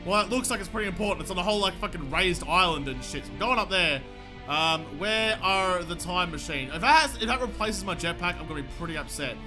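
A young man giving excitable gameplay commentary, swearing often and breaking into shouts when thrilled. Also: high-pitched, fast, music in the background. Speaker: gaming video host.

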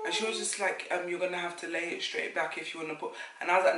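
A young woman, telling a lively story to camera as a vlogger and acting out what others said. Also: lowish voice, quick pace, few pauses, background noise. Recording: roomy sound, mic at a distance.

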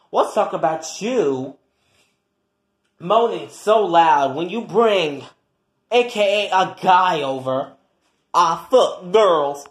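A performer in an improvised comic quarrel, trash-talking and taunting with heavy swearing and swinging between loud jeers and low mutters. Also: expressive, slow pace, pauses often, reverberant. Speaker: comedy skit performer.

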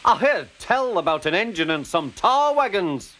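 A man's voice: high voice, very animated, moderate pace, heavy background noise, voice pushed up. A man voicing a teasing male steam engine. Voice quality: teasing, sly.

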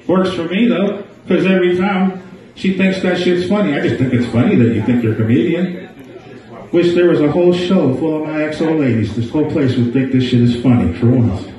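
A man's voice: a little high, brisk, dark tone, recorded from a distance. A man doing a crude live stand-up set in a small bar, riffing with the crowd. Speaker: stand-up comedian. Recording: echoey bar, mic heard from afar.

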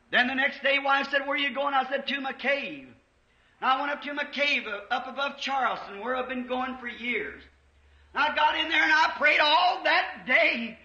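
A man preaching an impassioned revival sermon in a church, rising to shouts at the peaks. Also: very high-pitched, animated, moderate pace. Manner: impassioned, shouting at peaks, old-time Southern US preaching cadence. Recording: echoey church, dull 1950s tape.

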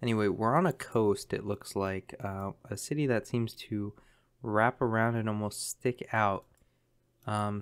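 A man's voice: on the low side, smooth. A man commentating a map guessing game, thinking aloud in a chatty way with lots of ums. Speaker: game streamer.

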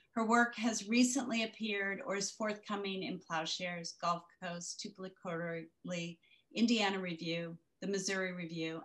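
A woman's voice: medium pitch, a bit bright, poor audio. A woman hosting an online reading, reading a poet's bio aloud with enthusiasm. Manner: enthusiastic, reads bios aloud. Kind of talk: reading introductions. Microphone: video call.

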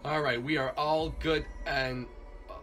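A man's voice: on the high side, steady tone, measured pace, pushed and bright, faint music behind. A man voicing a jittery failed cop turned night guard in a hobby plush video, stammering and repeating himself in panic. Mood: frantic.

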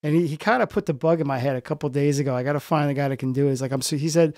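A man chats casually as a podcast guest, rambling through his stories with plenty of fillers. His voice is on the high side for a man. The sound is dry and close. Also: racing, darkish tone, no echo. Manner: rambling, lots of fillers and laughs. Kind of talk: casual chat.

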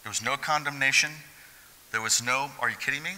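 A man preaching a sermon as pastor, swinging from hushed asides to loud, excited preaching. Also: medium pitch, a little fast, slight background noise. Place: church hall. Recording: long hall reverb.

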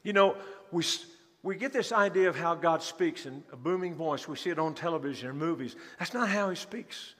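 A male pastor preaching in an animated, emphatic manner with a fairly high voice. His sermon rings through a large church, and the long reverb trails after each phrase. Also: fairly quick. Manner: animated, emphatic, acts out scripture scenes. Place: church sanctuary.

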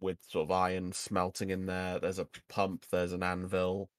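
Male game master, very low voice, dry close mic, halting narration. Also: monotone, clear, resonant tone, no echo. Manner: halting, many fillers.

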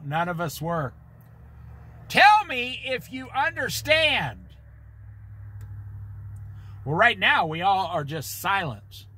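Lively, bright-voiced man preaching. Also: high voice. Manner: emphatic, conversational preaching with asides to listeners. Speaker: Bible study teacher. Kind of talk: informal Bible study sermon.

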